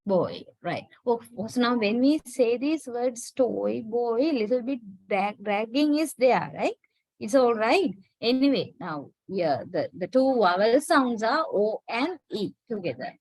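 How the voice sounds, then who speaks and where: A woman from Sri Lanka teaches an online English class, speaking slowly and patiently. Her voice sits a little high and sounds close and dry, with no room around it. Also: big pitch swings, a little mellow, breathy edge, dry recording, poor audio. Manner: slow, patient, checks with rising "right?". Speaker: English lecturer.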